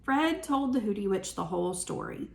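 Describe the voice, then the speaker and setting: A woman reading a picture book aloud as a teacher, with slow, expressive storytelling. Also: mid-range voice, vocal fry.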